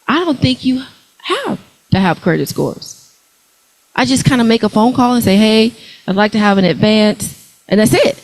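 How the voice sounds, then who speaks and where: Female workshop speaker, young adult, lively preachy delivery working the room. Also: on the high side, rough recording. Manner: animated, preachy, calls out to the crowd. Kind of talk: motivational talk to a live audience.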